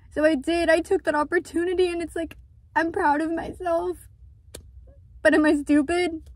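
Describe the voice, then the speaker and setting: A woman's voice: very high-pitched, flat delivery, moderate pace, no room sound. A woman vlogging outdoors about running a small business, talking in an earnest, vulnerable way and repeating words for emphasis. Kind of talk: emotional confessional vlog.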